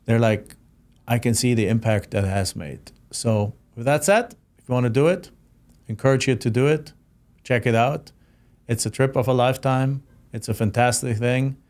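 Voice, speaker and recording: A middle-aged man with a German accent hosts a reflective solo monologue. He speaks heartfelt and halting, often starting a phrase over before finishing it. His pitch sits in the ordinary middle range for a man. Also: a little mellow. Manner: heartfelt, halting, many restarts. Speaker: host.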